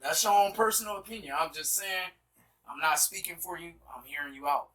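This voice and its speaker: A chatty man with a fairly high, bright voice talks casually and agreeably. He often checks in with his listener. The mic sits a bit away from him. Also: fairly quick, distant mic. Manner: chatty, agreeable, frequent "you know what I mean". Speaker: co-host. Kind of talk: casual discussion.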